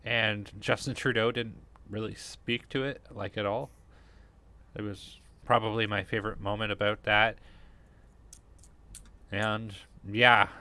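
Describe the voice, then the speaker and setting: A man's voice: medium pitch, pushed and bright, no room sound. A man co-hosting live political commentary, talking casually with fillers and restarts. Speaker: co-host.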